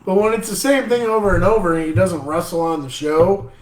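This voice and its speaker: A man's voice: high-pitched, a little fast. A man co-hosting a wrestling podcast, speaking casually with emphatic swearing. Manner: profane, emphatic. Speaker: podcast co-host. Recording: echoey room.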